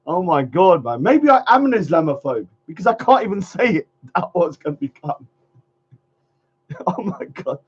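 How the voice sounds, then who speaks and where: A man's voice: high voice, sing-song, moderate pace, husky. A man hosting a casual livestream chat, rambling, laughing often and trailing off mid-sentence. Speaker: livestream host. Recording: dull lo-fi stream audio.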